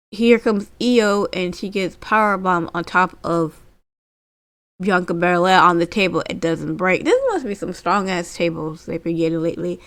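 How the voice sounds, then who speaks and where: A woman talks in a relaxed, chatty way, spilling details with plenty of filler words. She breaks into little acted-out quotes as she goes. Faint guitar music plays quietly in the background. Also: mid-range voice. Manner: animated recapping, acting out quotes, frequent fillers. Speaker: wrestling commentary vlogger. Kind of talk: casual chat.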